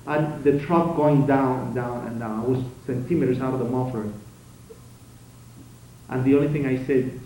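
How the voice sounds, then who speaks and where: A man giving a conference speech as first-person testimony, telling it dramatically with swings between loud outbursts and hushed passages. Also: medium pitch, fairly even intonation, moderate pace. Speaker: conference speaker. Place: conference hall. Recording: very echoey hall, distant mic, faint noise.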